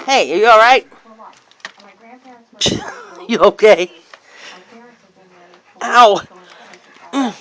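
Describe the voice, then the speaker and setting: A woman with a high, lively voice films at home, laughing as she scolds her dog. She talks very slowly and drawn out, repeating short commands over and over. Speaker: dog owner filming at home. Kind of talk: casual home video chatter.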